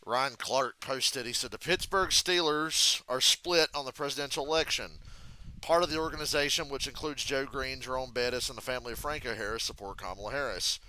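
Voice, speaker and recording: A man's voice: medium pitch, a little fast, pushed and bright, rough recording. A man streaming a casual live reaction to a football game, talking bluntly and crudely with jokes along the way.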